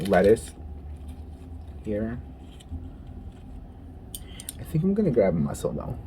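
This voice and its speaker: A man's voice: mid-range voice, warm tone, slight background noise. A man chatting casually while eating on camera and telling a story, with gushing exclamations and eating sounds. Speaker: mukbang vlogger.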